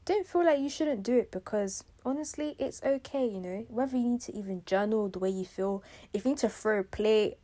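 Young woman, podcast host, animated and slangy, casual faith chat. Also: mid-range voice, a little fast, hardly any pauses. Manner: animated, chatty, slangy and emphatic. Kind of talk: casual faith-based self-care talk.

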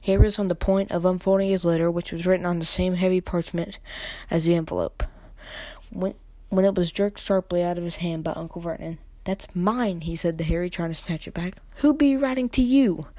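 Woman reading aloud with a low, mellow voice. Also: little pitch movement, no room sound. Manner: unhurried, with frequent stumbles and self-corrections. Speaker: podcast reader. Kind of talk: audiobook reading.

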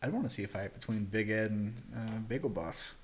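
A man's voice: on the low side, fairly quick. A young man co-hosting a podcast in casual chat, playful and teasing, spinning silly what-if ideas. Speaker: podcast co-host.

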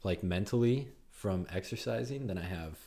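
Brief: relaxed guy, lowish voice, rambling podcast chatter. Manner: laid-back, rambling, drawn-out filler words. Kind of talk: casual chat.

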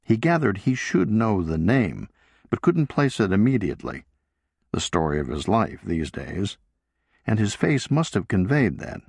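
A man reading a novel aloud as an audiobook narrator, in a measured, deliberate way. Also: lowish voice, very animated, vocal fry, darkish tone, slightly rough, no echo, studio quality. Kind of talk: scripted narration.

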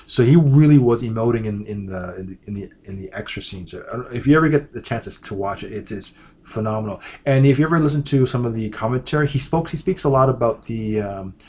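A man co-hosting a casual movie review podcast, talking in rambling, halting bursts with frequent restarts. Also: mid-range voice, darkish tone, slight background noise. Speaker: podcast co-host.

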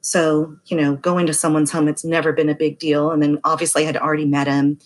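A woman's voice: sits low, level tone, a little fast. A middle-aged woman, a massage therapist, telling a story in casual chat and acting out the voices of people she quotes. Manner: chatty, acts out quoted voices.

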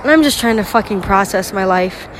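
A woman's voice: medium pitch, animated, moderate pace, a little hiss or hum. A young woman talking through her feelings alone to camera in a rambling, emotional monologue, full of "like," swearing, sighs and nervous laughs, close to tears. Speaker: vlogger.

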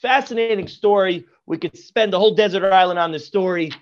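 A man's voice: sits high, a little fast, muffled recording. A man, a rabbi guest on a podcast, teaching Torah through storytelling and effusive in his praise. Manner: effusive, repeats praise often.

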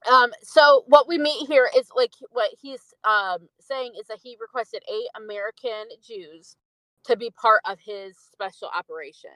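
A woman's voice: fairly high pitch, a little slow, fairly bright tone, dry recording, low-quality recording. Rambling young woman reviewing a film. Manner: rambling, fills speech with "like". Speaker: podcast co-host. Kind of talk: casual film review chat.

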